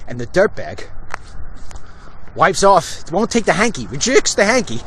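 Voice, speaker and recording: A man's voice: high voice, sing-song, unhurried, a little hiss or hum. A man from Long Island, hosting a walk-and-talk vlog and telling stories bluntly with acted-out quotes. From Long Island, New York. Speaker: host. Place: outdoors, walking.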